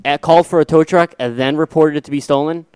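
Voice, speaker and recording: A man with a Chicago accent chats sports as a co-host, laid-back and a little self-mocking. His voice is smooth and clear, at an ordinary pitch, and he halts and restarts his thoughts. The sound is dry and close. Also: steady tone, fast talker, darkish tone, no room sound. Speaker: podcast co-host. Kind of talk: casual sports talk.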